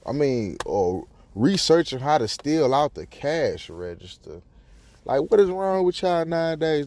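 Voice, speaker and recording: A man's voice: medium pitch, vocal fry. A man hosting a podcast, giving his blunt, profane take on a news story in casual talk. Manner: profane, animated, rhetorical. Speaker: podcast host.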